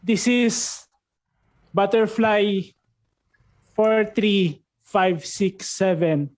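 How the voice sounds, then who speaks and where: A woman's voice: medium pitch, darkish tone. A woman playing a bubbly alien probe landing on Earth in a live improv scene, chirping peeps and pops. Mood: giddy. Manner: chirping peeps and pops, slow giggly delivery.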